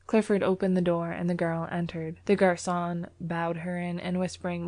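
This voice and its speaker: A woman narrating a classic story in a measured, even way. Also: lowish voice, dry recording. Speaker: audiobook narrator. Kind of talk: scripted narration.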